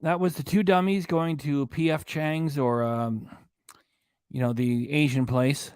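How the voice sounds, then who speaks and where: A man's voice: a little high, fairly even intonation, unhurried, darkish tone, clear, resonant tone, no room sound. Mocking male live-stream host, dry sound. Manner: mocking, laughs often. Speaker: reaction channel host. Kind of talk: casual live-stream commentary.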